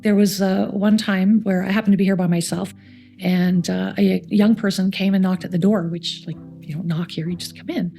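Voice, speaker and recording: A woman's voice: mid-range voice, steady tone, moderate pace, vocal fry, soft background music. A middle-aged woman with a Canadian accent, a youth community centre coordinator telling stories and acting out the voices of the people in them. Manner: warm anecdotal storytelling, acts out quoted voices. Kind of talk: storytelling interview.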